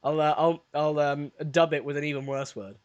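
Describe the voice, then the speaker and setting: A man's voice: on the high side, steady tone, a little fast, highs cut off. A man with an Australian accent hosting a casual podcast, chatty and laughing easily. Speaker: podcast host. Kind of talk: casual chat.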